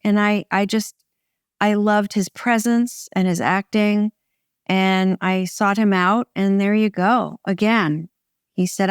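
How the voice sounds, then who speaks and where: A middle-aged American woman, a film director, chatting in an interview in a wry, relaxed way with short phrases and restarts. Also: medium pitch, slow pace, clean tone, dry recording, clean studio sound. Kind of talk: casual interview conversation.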